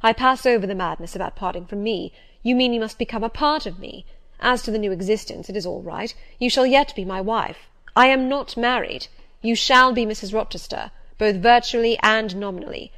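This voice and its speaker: A woman voicing a vehement, pleading gentleman. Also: on the high side, fairly quick. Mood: insistent. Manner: pleading and vehement, louder than the narration. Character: passionate, agitated middle-aged gentleman. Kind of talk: audiobook character voice.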